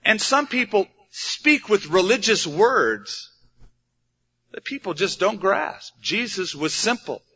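A man's voice: high voice, sing-song, takes it slowly, bright, forceful tone, breathy edge. A man preaching a sermon as a pastor, plain-spoken and conversational, asking the audience rhetorical questions. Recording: dull lo-fi recording.

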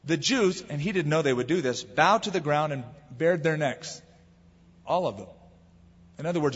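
Husky-voiced man preaching in a hall. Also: on the high side, moderate pace, dull audio. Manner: dramatic, acts out crowd voices. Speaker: pastor. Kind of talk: sermon.

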